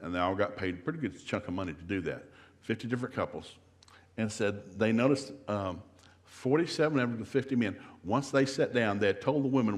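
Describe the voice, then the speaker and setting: A man's voice: on the low side, animated, quick pace. A middle-aged man giving a humorous marriage seminar talk in a folksy, joking way, acting out couples' dialogue. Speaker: guest seminar speaker.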